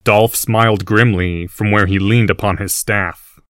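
Male narrator, audiobook: steady scripted read, fairly low voice, dry close sound. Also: unhurried, dry recording.

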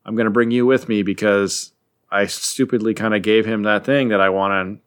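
A man's voice: lowish voice, fairly even intonation, brisk, a bit bright, smooth, natural voice. A man voicing an arrogant, scheming male villain leader who talks down to his crew, in a voice close to his own.

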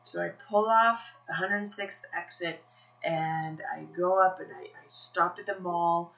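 A woman with a bright, forceful voice hosts a podcast and tells a personal story. She sounds animated and keeps cheering herself on, laughing as she goes. The recording is a little dull and lo-fi. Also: fairly low pitch, measured pace, creaky. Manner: animated, self-encouraging, laughs often. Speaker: podcast host and presenter.

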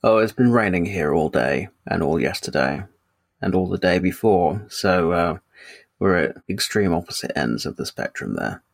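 A playful man jokes his way through a casual podcast chat. His voice is low and gravelly, with a lot of fry in it. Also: lively intonation, normal speed. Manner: playful, joking.

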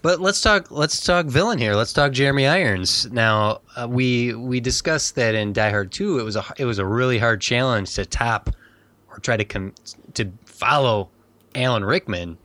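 A man co-hosting a casual movie podcast, talking in a lively way and often mimicking lines. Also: mid-range voice, moderate pace, no room sound. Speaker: podcast co-host.

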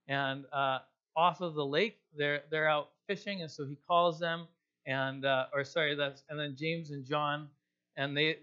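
A man's voice: a little high, bright, forceful tone, highs cut off. A man preaching a sermon in a casual, conversational way, explaining scripture in plain everyday terms. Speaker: pastor.

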